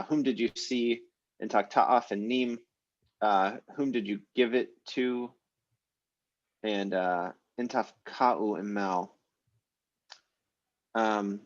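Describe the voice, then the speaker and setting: A man's voice: fairly low pitch, no room sound, highs cut off. A man teaching an online language class, explaining grammar in a casual way with many fillers.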